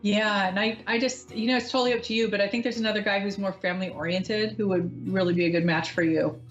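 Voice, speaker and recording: Woman, psychic call-in host, soft reassuring delivery with ums, mid pitch, muffled audio with light music bed. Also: fairly even intonation, fast. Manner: gentle, reassuring, many ums. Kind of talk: live call-in psychic reading.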